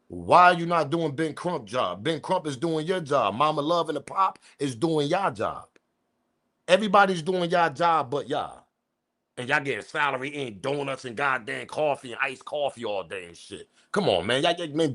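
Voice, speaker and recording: A man hosting a commentary video, ranting about the news with profanity and loud emphatic bursts. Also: medium pitch, animated, normal speed. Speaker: commentary channel host.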